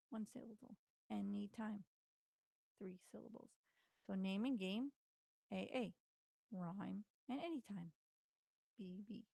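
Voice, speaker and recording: A woman's voice: medium pitch, vocal fry, a little mellow, no room sound. A tired woman teacher giving a casual recorded lesson, talking informally with lots of fillers. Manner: chatty, informal, many fillers.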